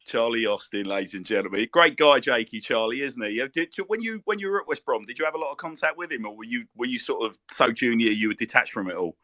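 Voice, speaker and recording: Middle-aged man, bright voice, dry close sound, chatty podcast host. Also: medium pitch, fast talker, few pauses, no echo. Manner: chatty, bantering, calls people mate. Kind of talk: casual interview chat.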